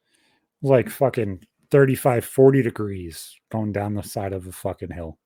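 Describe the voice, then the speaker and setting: On a podcast, a young male host tells a long, rambling story with animated energy, swearing constantly and wandering through the details. His voice sits fairly low and moves at a moderate pace. The recording is clean studio sound with no room echo.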